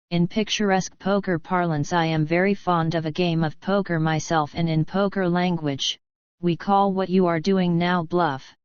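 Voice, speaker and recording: A woman's voice: lowish voice, darkish tone, clear, resonant tone, no room sound, lightly acted. A woman reading an audiobook, voicing a smug, scheming foreign general with a complacent, mocking manner. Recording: dry, dull lo-fi recording.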